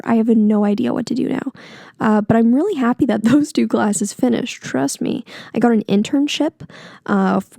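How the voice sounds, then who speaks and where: A woman's voice: a little high, creaky, warm tone, dry recording. A young woman in her twenties hosting a casual solo podcast, chatty and rambling, sometimes getting heated and swearing, close on the mic. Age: 20s. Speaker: podcast host.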